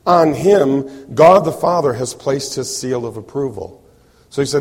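A man's voice: mid-range voice, normal speed, gravelly, slightly rough, in a large hall. A man preaching a sermon as a pastor, explaining a passage and acting out the voices he quotes. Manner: animated, acts out quoted voices.

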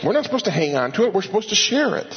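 Pastor, male, slightly high voice, teaching a verse-by-verse sermon in a conversational way, long hall reverb, dull lo-fi sound. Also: very animated, very fast, a little hiss or hum. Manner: conversational, repeats phrases, asks and answers own questions. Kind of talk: expository sermon.

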